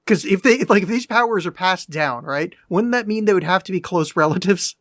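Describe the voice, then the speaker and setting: A man co-hosting a podcast, talking bluntly in casual chat and swearing freely. His voice sits a little high for a man, and it is recorded dry and close with no room sound. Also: animated, fairly quick, a bit bright, no room sound. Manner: blunt and profane, exasperated. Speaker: podcast co-host.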